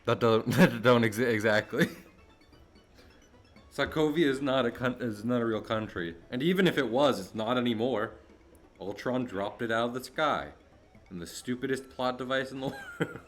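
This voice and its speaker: A man's voice: medium pitch, normal speed, soft background music. Rambling, laughing man from New Jersey. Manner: rambling, laughs often, swears casually. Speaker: streamer. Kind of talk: casual livestream chat.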